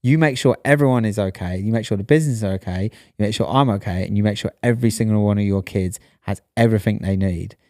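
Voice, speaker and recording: Podcast co-host, man, fairly low voice, reassuring and explanatory, dry close sound. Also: fast talker, few pauses, darkish tone, no room sound. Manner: reassuring, explains things in context. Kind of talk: casual chat.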